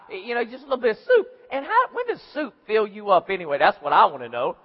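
A man's voice: sits high, big pitch swings, quick pace, hardly any pauses. A man preaching a sermon in a folksy storytelling way, acting out little scenes and voices. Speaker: pastor. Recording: echoey hall, dull lo-fi sound.

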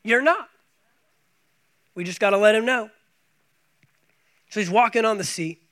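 A man with a very high, bright voice preaches a sermon. He leans hard on repeated phrases and swings between hushed asides and loud, driving lines. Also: measured pace. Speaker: pastor.

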